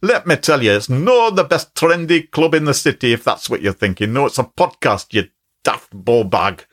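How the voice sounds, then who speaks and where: A man's voice: medium pitch, lively intonation, normal speed, fairly bright tone. Man putting on a sweary Glaswegian chatbot. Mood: scornful. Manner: insulting, sweary, blunt. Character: foul-mouthed scornful Glaswegian chatbot, male. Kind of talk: comic reading aloud on a podcast.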